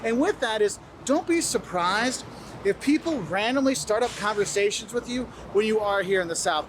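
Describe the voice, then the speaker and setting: A man's voice: high-pitched, expressive, moderate pace, noisy background. A man giving friendly, instructive travel advice to camera, sometimes acting out what locals say. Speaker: travel video host. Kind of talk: advice video, spoken to camera.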